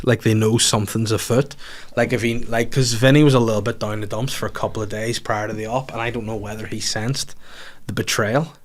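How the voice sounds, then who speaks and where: A young man with a Northern Irish accent hosting a podcast, telling a funny story in casual chat, laughing often and jumping into high mock voices to quote people. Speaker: podcast host.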